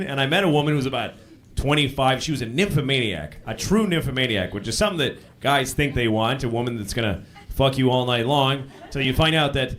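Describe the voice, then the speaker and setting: A man doing a stand-up comedy set, profane and self-deprecating, acting out little voices as he goes. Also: mid-range voice. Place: live comedy stage. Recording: live show with loud crowd laughter. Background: audience laughter.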